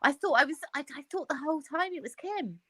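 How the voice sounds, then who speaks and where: A woman's voice: high-pitched, expressive, fast, bright, forceful tone, no room sound. A woman chatting casually as a guest, laughing often between her lines. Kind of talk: casual chat.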